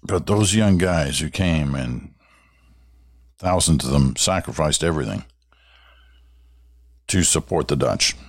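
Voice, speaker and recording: An older Canadian man hosts a radio talk show in a very deep, expressive voice, taking it slowly and pausing often. The sound is clean studio audio with no room sound. It's a casual talk radio monologue in which he tells stories warmly and reads listener letters aloud.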